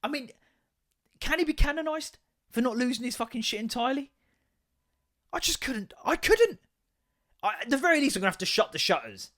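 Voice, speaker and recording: A man's voice: extremely high pitch, big pitch swings, brisk, pauses often, a bit bright. An English man hosting a podcast, ranting casually, swearing a lot and laughing often. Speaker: podcast host. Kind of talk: casual comedic rant.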